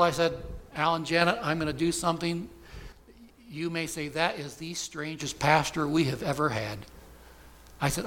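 A middle-aged male pastor preaching a sermon, slow and emphatic, putting repeated questions to his congregation. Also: high voice, pushed and bright.

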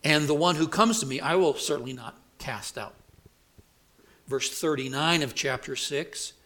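A male preacher delivering an expository sermon, speaking deliberately and emphatically and putting rhetorical questions to the congregation. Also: on the high side, bright, forceful tone.

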